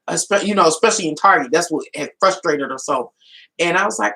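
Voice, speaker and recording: A chatty tarot reader spins a loose, colloquial story for live viewers, often laughing and calling them y'all. The voice has a gravelly, creaky texture that sits at a middling pitch. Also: fast talker, sharp tone, poor audio. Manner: folksy, colloquial storytelling with quoted dialogue. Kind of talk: casual storytelling on a live stream.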